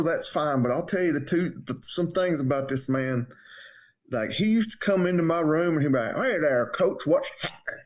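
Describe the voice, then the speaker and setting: A man, a podcast co-host and coach, trading jokes and stories in easygoing banter. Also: on the high side. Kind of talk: casual storytelling chat.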